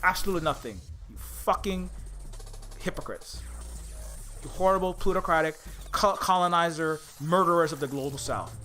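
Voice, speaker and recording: Male streamer, high and tense delivery, angry cursing rant full of stammered restarts. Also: normal speed, bright, forceful tone, faint music behind. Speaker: indie game developer streaming live. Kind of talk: heated political rant on a livestream.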